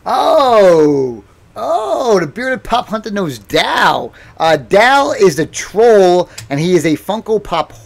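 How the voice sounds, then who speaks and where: A man's voice: high voice, expressive, a little slow, creaky, hardly any pauses. A man in his thirties, hosting a live stream from home, telling rambling, self-mocking stories in casual chat. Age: 30s. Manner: rambling, self-mocking, bursts into loud laughter. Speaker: livestream host and boxer.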